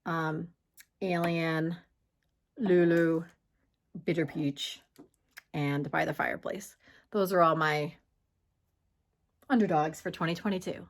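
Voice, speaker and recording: A woman's voice: low-pitched, fairly even intonation, slow, pauses often. Chatty, slightly breathless woman vlogger. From United States. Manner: chatty, self-correcting, stumbles over names. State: a bit out of breath. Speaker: perfume vlogger. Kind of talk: casual vlog ranking. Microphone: handheld phone gimbal.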